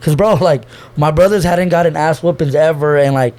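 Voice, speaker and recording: A man's voice: fairly high pitch, brisk, a little mellow. Young man talking slangy and heartfelt. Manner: loose slangy talk, says bro constantly, swears, restarts; emotional, opening up about family. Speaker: podcast guest. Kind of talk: casual heartfelt conversation.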